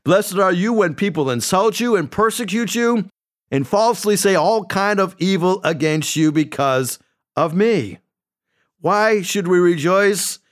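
Emphatic preaching man, higher voice. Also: expressive. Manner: preaching with emphatic rises and slowed scripture readings. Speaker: pastor. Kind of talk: sermon.

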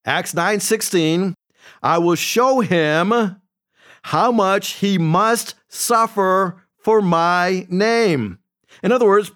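Emphatic preaching man, higher voice. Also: fairly bright tone. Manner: preaching with emphatic rises and slowed scripture readings. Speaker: pastor. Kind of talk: sermon.

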